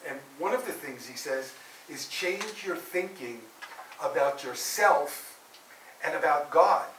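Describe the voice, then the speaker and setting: A male minister giving a sermon, telling stories in an animated way, rising loud for drama and dropping soft for quiet lines. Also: fairly high pitch, slow. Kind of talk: sermon storytelling. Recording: roomy echo, heard from a distance, faint hiss.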